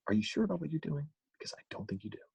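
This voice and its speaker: A man impersonating a male actor whose sentences start high and sink into a quiet, condescending tone. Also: very animated, racing, creaky, slightly rough, full character voice.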